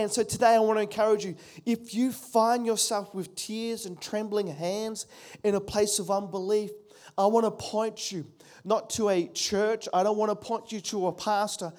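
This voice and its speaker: A man's voice: high voice, steady tone, normal speed, darkish tone. A pastor preaching a sermon earnestly, asking his congregation rhetorical questions and calling for their response.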